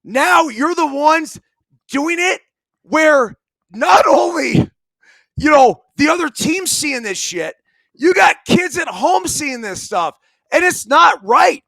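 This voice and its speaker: Gravelly, high-pitched man ranting. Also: big pitch swings, slow pace, sharp tone, dry recording, poor audio. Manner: profane, ranting, emphatic. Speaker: podcast co-host, former ballplayer. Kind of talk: casual sports talk.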